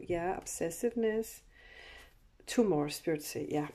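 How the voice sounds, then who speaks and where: A woman giving a casual spiritual card reading, meandering along with frequent soft laughs. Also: fairly low pitch, a little slow. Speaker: oracle card reader.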